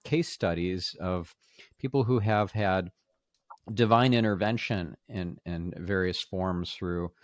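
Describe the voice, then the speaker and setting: A man hosting an interview podcast, talking haltingly with frequent pauses. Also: low voice, no room sound, studio quality. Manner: halting, many fillers and restarts. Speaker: podcast host.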